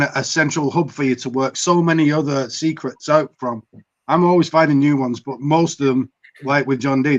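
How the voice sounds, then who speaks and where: Man from England, podcast guest, eager knowledgeable chat, lo-fi video call audio. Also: mid-range voice. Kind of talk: casual chat.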